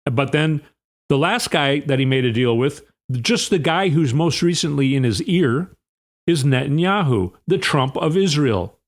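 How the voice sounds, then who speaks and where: A man's voice: on the high side, animated, measured pace. A man hosting a podcast, delivering a rambling, sarcastic political monologue with an indignant edge. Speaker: podcast host.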